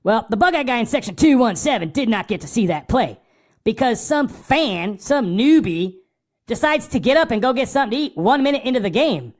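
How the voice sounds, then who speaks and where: A man hosting a casual hockey podcast, recapping games in excitable, profane fan talk and acting out his own remarks. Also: very high voice, a little fast.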